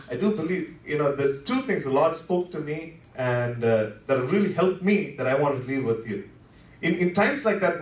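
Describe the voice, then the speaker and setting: A man preaching a Good Friday sermon in a church, talking conversationally with lots of "you know" fillers, dropping to soft, low asides and then rising with passion. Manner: swings between soft, low asides and impassioned rises. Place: church worship center. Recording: echoey sanctuary heard from a distance.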